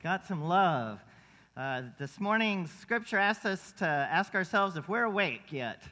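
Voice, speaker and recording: Male pastor, fairly high voice, chatty sermon delivery, reverberant church room. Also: animated, unhurried, bright, forceful tone. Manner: conversational, asks the congregation questions. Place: church sanctuary. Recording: reverberant sanctuary.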